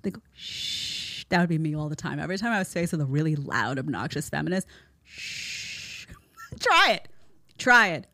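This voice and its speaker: This woman's low voice comes out fast, sharp and very animated as she hosts a podcast. Recorded on a studio mic with no room sound, she gives sarcastic, opinionated commentary and ridicules people with impressions.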